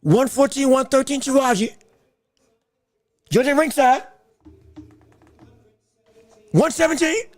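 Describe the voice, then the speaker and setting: A man with a very high voice hosts a livestream commentary on a boxing decision. He speaks excitably, repeats phrases over and over, and breaks into shouts. His voice is recorded dry and close, with no room sound. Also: takes it slowly, long pauses, no room sound, soft background music. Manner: greets viewers from the live chat. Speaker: podcast host reacting to a boxing decision on a livestream. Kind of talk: live fight commentary and chat.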